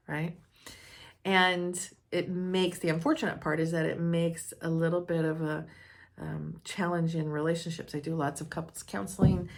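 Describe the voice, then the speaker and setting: A woman counselor telling a story in a calm, earnest way. Her voice sits low and has a gravelly edge. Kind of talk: personal storytelling talk.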